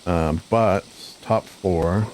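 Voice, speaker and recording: A man's voice: deep voice, extremely slow, a little hiss or hum, rough recording. A man streaming a building game, talking casually and rambling with easy laughs. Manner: relaxed, rambling, laughs easily. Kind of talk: casual commentary while building.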